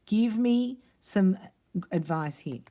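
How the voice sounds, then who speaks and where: A woman's voice: medium pitch, lively intonation, takes it slowly, dark tone. A woman voicing an earnest, devoted man who asks eagerly how to please his partner. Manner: earnest, pleading questions.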